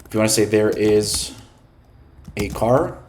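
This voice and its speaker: Guy teaching spanish basics, slow and patient, lowish voice, bit of keyboard clicking behind. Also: a little mellow, a little hiss or hum. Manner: patient, slow explanations with fillers and throat clearing. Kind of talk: explaining a listening exercise.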